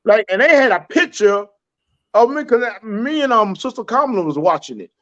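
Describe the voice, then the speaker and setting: High-voiced man, rambling podcast talk. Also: expressive, a little fast, lo-fi sound. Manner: rambling, many fillers and restarts, laughs often.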